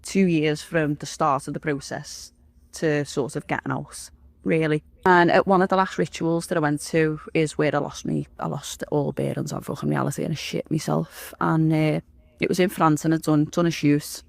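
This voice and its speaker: Woman, interview guest, blunt and sweary storytelling, gravelly voice, dry close sound. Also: sits low, fairly even intonation, moderate pace, no echo. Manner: blunt, swears often, rambling. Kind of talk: dramatic personal storytelling.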